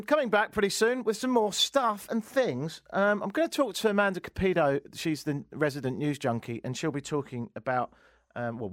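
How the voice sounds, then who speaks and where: A man hosting a talk radio show, ranting sarcastically with lively asides from a studio microphone. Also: medium pitch, dry recording. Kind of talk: opinionated talk radio monologue.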